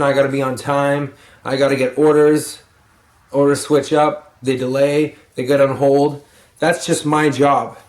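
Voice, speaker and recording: A man's voice: on the high side, a little mellow, echoey room. A tired young man giving rambling, profane advice on getting a raise, with yawns and sighs. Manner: rambling, profane, yawning and sighing. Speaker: vlogger, lumber yard crew lead. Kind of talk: rambling casual advice vlog. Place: room at home.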